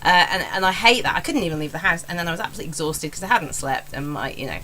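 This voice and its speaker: English lady in her 40s rambling on her vlog, self-deprecating, bright voice a bit low, faint hum behind. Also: lively intonation, racing, poor audio. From England. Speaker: stand-up comedian. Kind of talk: casual vlog monologue.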